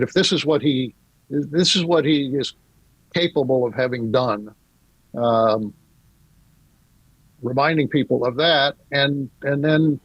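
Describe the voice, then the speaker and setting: Male journalist guest, mid-pitched, measured and thoughtful, heard on dull, dry audio. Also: dry recording. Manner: measured, thoughtful, with frequent fillers. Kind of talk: casual interview talk.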